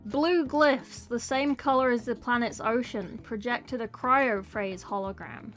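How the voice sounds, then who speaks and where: A woman's voice: on the high side, measured pace, a bit bright, soft background music. A woman casually reading a novel aloud, with playful, chatty asides. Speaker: book reader.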